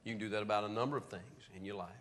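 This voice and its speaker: On a live stream from a church sanctuary, full of hall reverb, a middle-aged preacher talks very fast in a fairly low voice with fairly even intonation. He shares homespun stories in a folksy manner before turning to a quiet, earnest appeal.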